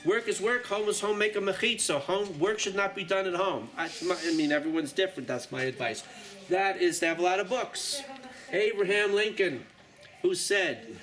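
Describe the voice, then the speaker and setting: The recording is poor, but the voice is clear enough: high, fairly bright, at a moderate pace. It belongs to a New York journalist in his sixties, chattily guiding listeners around his exhibition with jokey asides.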